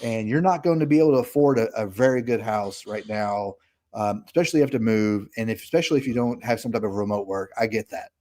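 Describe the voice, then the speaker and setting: A man's voice: on the low side, fast, darkish tone. Southern-drawling man giving earnest advice. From Kentucky. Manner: folksy, earnest, frequent restarts and tag questions. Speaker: podcast co-host. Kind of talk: casual political chat.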